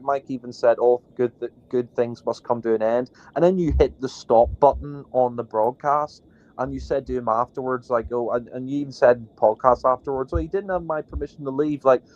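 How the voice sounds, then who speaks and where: A man's voice: mid-range voice, lo-fi sound. A man co-hosting a podcast, indignant and rambling, with many fillers. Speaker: podcast co-host. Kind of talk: heated podcast rant.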